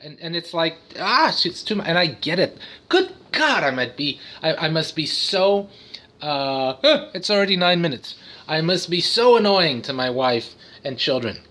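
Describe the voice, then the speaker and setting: Speaking at a moderate pace with a fairly high, sharp voice and lively intonation, an autistic dad who vlogs describes his own habits casually to camera. He keeps breaking off, rambling, and launching into abrupt singing, noises and cartoon voices.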